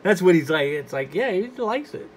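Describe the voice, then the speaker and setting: A man's voice: sits high, very animated, moderate pace, slight background noise. A man giving a casual, rambling commentary on a comic book, dry and unimpressed, with frequent fillers and trailing thoughts.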